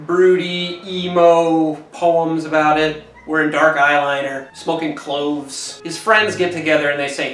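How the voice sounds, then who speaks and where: Deadpan wisecracking man in an echoey room. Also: a little high, unhurried, hardly any pauses. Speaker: podcast co-host. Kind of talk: comedic retelling of a classic story. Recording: roomy echo with faint music.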